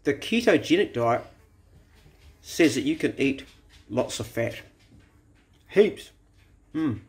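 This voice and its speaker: A man's voice: mid-range voice, big pitch swings, slow, husky. A man talking bluntly and emphatically to camera, swearing freely while he makes his points. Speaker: vlogger. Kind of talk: casual opinionated talk to camera. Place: outdoors in a garden, then indoors.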